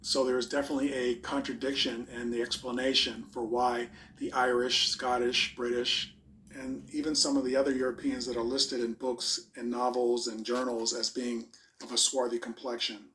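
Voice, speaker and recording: A man's voice: medium pitch, little pitch movement, normal speed, a bit bright, a little hiss or hum. A man hosting a history video, explaining and reading old newspaper clippings aloud in a plain, explanatory way with fillers. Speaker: video host.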